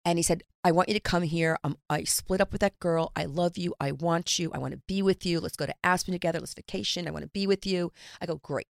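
A middle-aged woman telling a personal story in casual chat, candid and lively, acting out the voices she quotes. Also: fairly low pitch, fast talker, creaky, hardly any pauses, no echo, studio quality. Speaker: guest.

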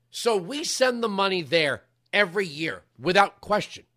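A man hosting a talk program delivers a heated political monologue. His voice sits high and sounds bright and forceful, and his emphatic delivery climbs into yelling. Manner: impassioned, emphatic, rises to yelling. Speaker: talk show host.

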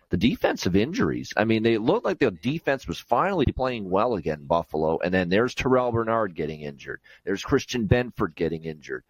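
A man giving a guest's sports betting breakdown in a steady, methodical way. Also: lowish voice, low-quality recording.

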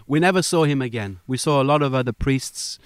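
A man's voice: medium pitch, a little fast, clear, resonant tone, no room sound. A man from the United Kingdom telling a long story as an interview guest, acting out the voices he quotes. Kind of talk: storytelling in a conversation.

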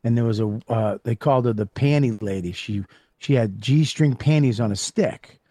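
Swearing man telling a loud story. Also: mid-range voice, moderate pace, dry recording, clean studio sound. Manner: animated storytelling, swears a lot, does loud mocking voices. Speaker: comedian guest. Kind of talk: casual podcast banter.

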